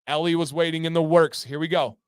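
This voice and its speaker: A man hosting a casual livestream, reading viewer comments in an upbeat, excitable way with sudden loud whoops. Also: a little high, brisk, smooth, dry recording, studio quality. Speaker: livestream host.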